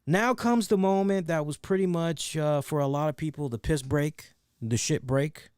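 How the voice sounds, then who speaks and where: A man hosting a wrestling review show, talking in a casual, animated and profane way and laughing at his own jokes. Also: a little high, normal speed, smooth, no room sound, studio quality. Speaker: wrestling review podcast host. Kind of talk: casual excited chat.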